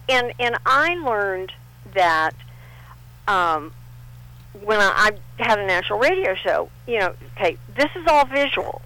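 A woman's voice: fairly high pitch, rough recording. An older woman from Texas, a guest in a casual interview, telling stories animatedly and acting out the people she quotes. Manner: animated storyteller, acts out quotes.

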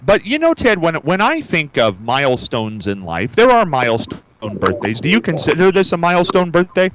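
A man hosting a radio show, interviewing a guest with lively, friendly questions. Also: fairly high pitch, moderate pace, a little hiss or hum, rough recording.

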